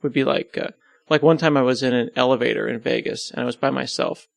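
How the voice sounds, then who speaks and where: A man's voice: mid-range voice, steady tone, fast, gravelly, no room sound. A man being interviewed on his podcast, chatting casually and joking about himself. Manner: joking, self-deprecating, rambling.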